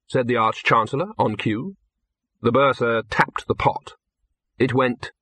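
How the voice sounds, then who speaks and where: Slow, husky male audiobook narrator. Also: medium pitch, a bit bright, dry recording. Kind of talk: audiobook reading.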